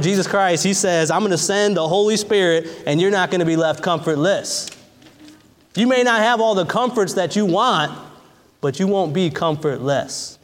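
A man preaching a sermon with fervent, repetitive phrasing and casual asides, recorded in a church. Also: on the high side. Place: church in a large hall. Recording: long church hall reverb.

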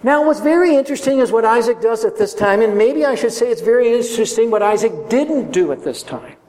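A man's voice: extremely high pitch, lively intonation, a little fast. A man preaching a sermon, retelling a story and acting out the voices in it. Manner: acts out quoted voices, drops to soft tones. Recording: echoey hall with faint ambience.

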